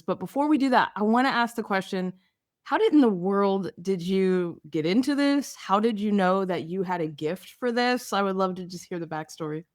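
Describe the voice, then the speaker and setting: A woman's voice: medium pitch, dry recording, clean studio sound. A woman hosting a podcast interview, upbeat and enthusiastic. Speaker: podcast host.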